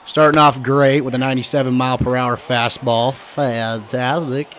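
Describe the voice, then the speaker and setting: Hoarse man, casual gameplay commentary, excitable, cursing at the screen, average-pitched voice. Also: normal speed, a little hiss or hum. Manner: excitable, swears and yells at the game. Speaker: gaming channel host.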